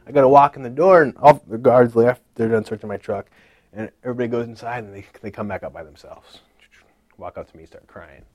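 A man in his thirties telling a personal faith story in a casual, animated way, acting out the people in it. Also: fast, dry recording. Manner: animated retelling, acting out dialogue with lively pitch jumps. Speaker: speaker sharing a personal testimony.

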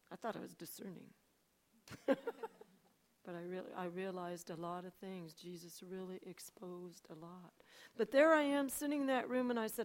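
An older woman telling her personal testimony to a church audience, swinging between hushed asides and loud, animated storytelling. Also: medium pitch. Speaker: church speaker.

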